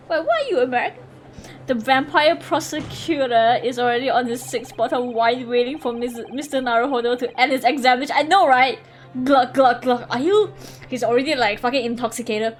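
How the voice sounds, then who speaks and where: Giggly, high-voiced young woman streamer. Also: lively intonation, moderate pace, faint music behind. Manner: giggly, swears, rambles and self-corrects. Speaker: game streamer. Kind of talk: casual livestream commentary.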